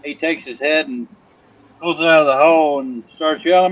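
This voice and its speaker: A man's voice: on the high side, normal speed, fairly bright tone, a little hiss or hum. A man co-hosting a live stream who tells jokes and chats casually. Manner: joking storyteller. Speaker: stream co-host. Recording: dull lo-fi audio.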